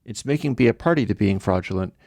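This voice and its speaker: A man's voice: fairly low pitch, animated, fast, vocal fry, darkish tone, dry recording, clean studio sound. A man hosting a livestream, telling a story in a rambling, conversational way. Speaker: livestream host. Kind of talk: casual livestream chat.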